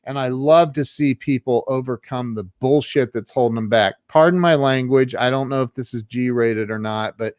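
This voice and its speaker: A man's voice: mid-range voice, normal speed, few pauses, a little mellow, dry recording, studio quality. A man who works as a social media marketing coach, talking as a guest in a casual interview. He speaks in an earnest, emphatic way and often restarts his sentences.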